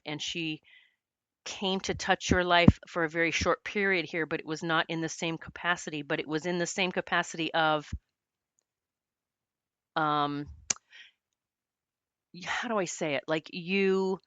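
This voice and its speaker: A woman's voice: on the low side, a bit bright, clear, resonant tone, no room sound, dull audio. A middle-aged woman hosting a podcast, telling a personal story in an earnest, emotional way. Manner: earnest, emotional retelling with quoted dialogue. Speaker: podcast host, psychic medium.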